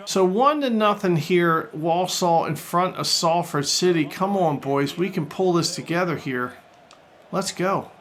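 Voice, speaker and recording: A man commentating on his own football video game like a jokey sportscaster, getting loud and excited during attacks and saves. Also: high-pitched, measured pace. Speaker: gaming YouTuber. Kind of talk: let's-play commentary.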